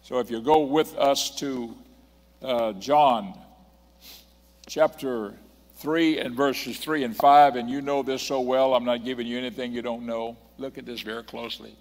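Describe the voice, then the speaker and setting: A man's voice: mid-range voice, steady tone, normal speed, a little mellow. Older male preacher, emphatic, repeats his points, church hall reverb. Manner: emphatic, reads scripture aloud and repeats points. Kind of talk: sermon. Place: church sanctuary.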